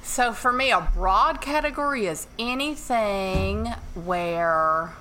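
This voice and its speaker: A woman co-hosting a podcast in casual chat, with a pleasant, slightly low voice, telling stories with lively energy and frequent laughs. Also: slow, slight background noise. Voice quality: a little low, nice voice quality. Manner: animated storyteller, laughs often. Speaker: podcast co-host.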